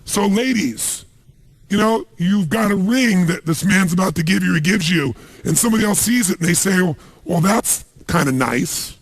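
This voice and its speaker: Male motivational speaker, middle-aged, gravelly voice pitched a bit high, lively seminar storytelling. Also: normal speed, dry recording. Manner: animated, jumps into voices of people in his stories.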